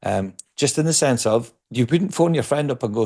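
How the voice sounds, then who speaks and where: A man's voice: medium pitch, lively intonation, moderate pace, a little mellow. A man who is a podcast guest, talking reflectively in an interview and often repeating words as he looks for the right one. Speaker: podcast guest, speaker on stress. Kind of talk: conversational interview.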